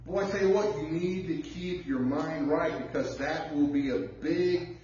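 A man's voice: a little high, darkish tone. Man preaching in a distant echoey church. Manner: conversational preaching with personal stories, drawling slow emphasis. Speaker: pastor. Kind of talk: sermon. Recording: echoey church heard from far off, dull sound.

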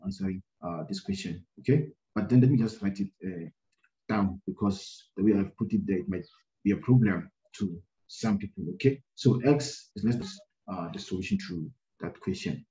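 A man with a low, mellow voice works through a maths problem for his students. He thinks aloud, full of ums and repeated "right?" checks. The recording is dull and lo-fi, in a roomy space. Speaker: maths teacher. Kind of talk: screen-recorded maths lesson.

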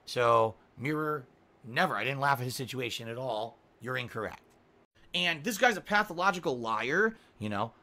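A man's voice: medium pitch, sharp tone. A middle-aged man streaming live, ranting and at times sarcastic as he talks to his viewers. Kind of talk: livestream talk.

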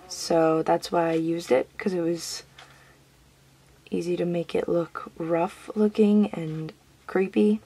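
A woman's voice: on the low side, fairly even intonation, slow, dark tone, breathy edge. A young woman vlogging casually, chatty and giggly, with lots of ums and a slight Southern US accent. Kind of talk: casual vlog.

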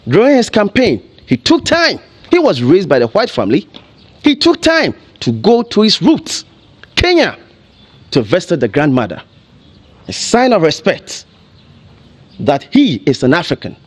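A Ghanaian man speaking as a TV commentator, his fairly high voice swinging up and down as he presses one rhetorical question after another. He delivers impassioned commentary, openly emotional. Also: huge pitch swings, a little slow, long pauses.

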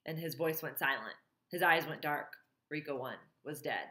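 A woman with a fairly low voice reads a novel aloud and now and then stops to comment on the plot. Her voice carries a roomy echo. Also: normal speed, pushed and bright. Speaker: reader.

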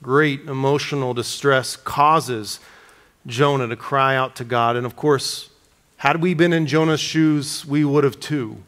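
A man preaching an expository sermon, reading scripture aloud with slowed dramatic emphasis. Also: medium pitch, steady tone, a bit bright.

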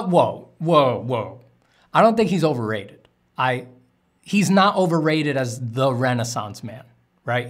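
Candid rambling male artist streamer. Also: mid-range voice. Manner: candid, rambling, restarts and swears casually. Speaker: artist streaming while drawing. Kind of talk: casual livestream chat answering chat questions.

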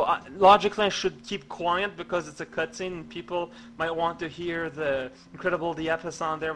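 A young man giving rambling, goofy game commentary in a deadpan way, with many stammered restarts. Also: on the high side, poor audio. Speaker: let's play commentator.

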